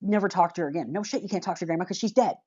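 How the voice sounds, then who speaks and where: Low-voiced woman, casual movie reviewer, blunt and rambling, slightly dull lo-fi sound. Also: very fast, a little mellow, breathy edge. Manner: blunt and rambling, sighs, gropes for names.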